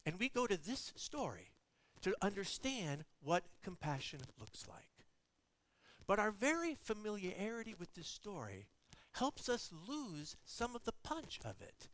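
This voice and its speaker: A middle-aged man preaching a storytelling sermon as a guest preacher, animated and acting out voices. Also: high voice, measured pace. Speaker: guest preacher and theology professor.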